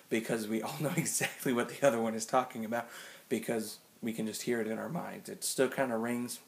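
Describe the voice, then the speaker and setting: A young man in his late teens telling a funny story to camera, rambling and full of "like" and restarts. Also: mid-range voice. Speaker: vlogger.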